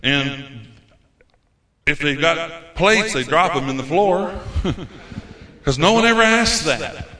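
A man preaching with fervor in a folksy, repetitive way. His voice is bright and forceful. It rings out through a roomy church hall. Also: fairly high pitch, expressive, takes it slowly. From United States. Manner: folksy, repeats phrases, fervent. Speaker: visiting preacher. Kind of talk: sermon.

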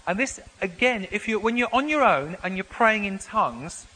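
A man preaching a sermon in a relaxed, conversational way, often restarting and repeating words as he explains. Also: high voice, normal speed. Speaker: pastor. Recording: long hall reverb, faint background noise.

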